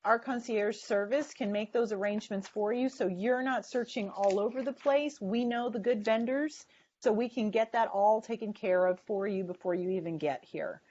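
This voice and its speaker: Woman, sales trainer, emphatic, mid pitch, dull lo-fi webinar sound. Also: moderate pace, a little mellow. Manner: emphatic, coaching tone. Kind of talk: webinar coaching. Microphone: video call.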